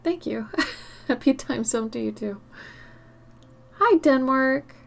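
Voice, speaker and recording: A worn-out woman talks slowly and gently to her stream audience as she draws, her fairly high voice full of gravelly fry. She keeps slipping into soft, breathy half-whispers. Quiet music plays faintly behind her. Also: animated. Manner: drowsy, soft-spoken, drifts into half-whispered asides. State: tired, yawning. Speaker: art livestreamer. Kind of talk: casual chat while drawing on stream.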